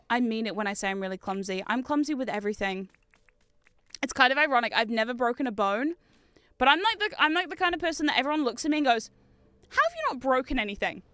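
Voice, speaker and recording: A woman in her thirties chats while she streams a game, and her voice sits high and rings bright and clear. She tells stories in an animated, chatty way, laughing and swearing freely. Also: no room sound. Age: 30s. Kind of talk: casual gaming stream chat. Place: home gaming room.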